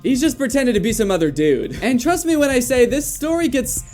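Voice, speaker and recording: A man's voice: very high-pitched, animated, brisk, darkish tone, faint music behind. A man giving casual commentary, full of sarcastic, dry joking asides. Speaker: commentary YouTuber.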